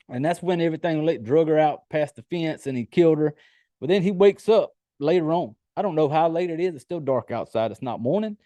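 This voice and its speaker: A man's voice: on the high side, dark tone, no room sound. Casual, profane man recapping a film. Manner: loose, profane storytelling with many fillers. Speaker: podcast host. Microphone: home computer setup.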